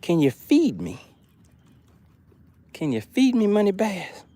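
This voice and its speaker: A hungry fish pleads to be fed, as a man puts on its voice, pitched well above his own speaking voice and kept soft and quiet. The begging comes out in a whiny, sing-song lilt. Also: wildly swooping pitch, takes it slowly, full character voice. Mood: pleading.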